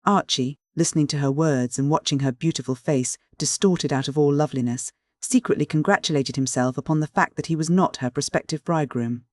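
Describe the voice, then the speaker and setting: An audiobook narrator giving a measured, even reading of a classic mystery. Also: mid-range voice, no echo.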